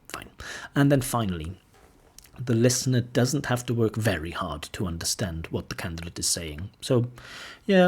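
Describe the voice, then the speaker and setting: A man who is an IELTS teacher and examiner, explaining speaking criteria to camera in a relaxed, conversational way. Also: on the low side, breathy edge. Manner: relaxed, conversational, with fillers and asides.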